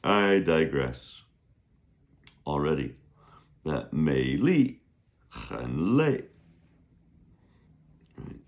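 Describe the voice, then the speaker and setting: A man's voice: rumbling low, very animated, drawn-out words, vocal fry, long pauses. A middle-aged man teaching a casual video lesson on Chinese, chatty and rambling, often checking in with "right?".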